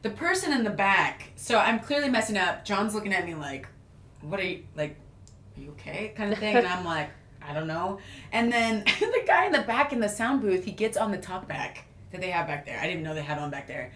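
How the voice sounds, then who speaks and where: A woman's voice: medium pitch, a little fast. A woman chats casually on a podcast, spinning a self-mocking anecdote with lots of laughter. Her voice sits in a mid register. The room rings with echo, and faint noise hangs beneath it. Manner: animated, self-mocking storytelling with frequent laughter. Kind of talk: casual storytelling chat.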